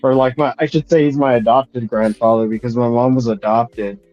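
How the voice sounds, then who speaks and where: Relaxed, mellow-voiced man chatting casually, dull dry sound, faint music. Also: medium pitch, moderate pace, dry recording. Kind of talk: casual chat.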